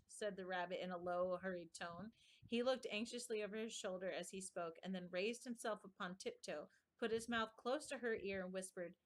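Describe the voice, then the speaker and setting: A woman streamer narrating a classic children's book aloud at a measured pace. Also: medium pitch. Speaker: stream host reading aloud. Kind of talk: storybook read-aloud.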